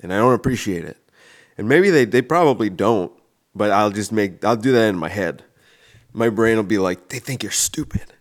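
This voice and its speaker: A man's voice: on the low side, animated, normal speed. A man hosting a solo comedy podcast from his kitchen, rambling and joking at his own expense into a microphone. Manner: rambling, self-mocking, jokey. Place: home kitchen, alone. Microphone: studio-style microphone.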